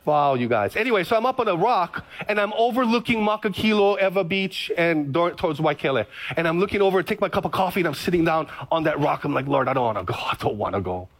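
A middle-aged pastor from Hawaii preaches to his congregation in a high, light man's voice. He tells stories from his own life with animated energy and acts out his past prayers as he goes. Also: fast, hardly any pauses. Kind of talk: sermon.

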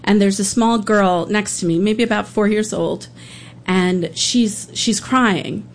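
A woman who works as a public defender, telling a true personal story live in an earnest, halting, emotional way. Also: medium pitch, slight background noise.

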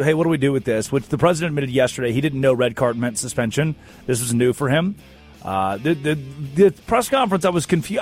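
A man hosting a sports talk show, animated and joking, with a somewhat high voice that leaps around as he tells stories. Faint guitar music plays in the background. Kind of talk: casual comedic chat.

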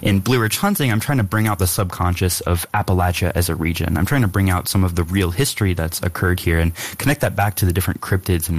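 A man with a very low voice speaks as an indie game developer on a radio show. He explains his design ideas in an earnest way. The sound is dry and close. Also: dry recording. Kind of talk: radio interview answers.

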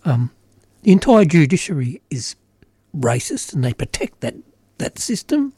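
A man's voice: a little high, sing-song, unhurried, dark tone, breathy edge, dry recording. A middle-aged Australian man with an Australian accent, talking earnestly and emphatically in casual political conversation, with many "you know" fillers.

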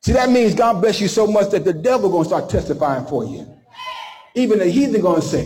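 High-voiced impassioned male preacher, echoey. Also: sing-song, darkish tone. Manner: impassioned, preaching with dramatic pauses and acted-out quotes. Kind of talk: sermon.

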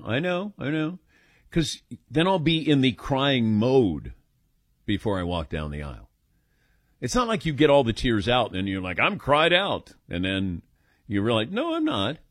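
An older man hosting a call-in radio show, telling stories about himself in an animated, self-deprecating way. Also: medium pitch, moderate pace, no room sound, studio quality.

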